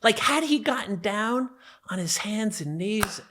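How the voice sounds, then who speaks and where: A man's voice: high voice, animated, unhurried, sharp tone. Intense man from New Jersey telling his story. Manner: intense, emphatic, vivid retelling of a violent memory. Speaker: podcast guest. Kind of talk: personal storytelling in a podcast interview.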